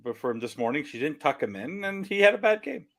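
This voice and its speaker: A man's voice: on the high side, big pitch swings, fast talker, fairly bright tone. A man co-hosting a casual sports talk show, dry and teasing. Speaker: co-host.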